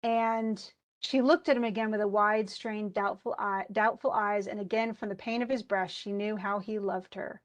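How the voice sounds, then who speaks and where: A woman college English instructor talks through a short story in a loose, chatty lecture. She reads passages aloud and then comments on them, restarting her sentences and using plenty of fillers. Her voice sits at a medium pitch. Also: fairly even intonation, moderate pace. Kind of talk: informal recorded lecture.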